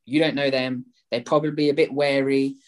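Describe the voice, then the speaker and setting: A man's voice: mid-range voice, fairly quick. A man talks through his approach with lots of energy. He keeps slipping into acted phone conversations, playing both sides. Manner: animated, acts out both sides of calls. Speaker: property investment guest. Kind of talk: energetic explanatory talk with role-played phone calls.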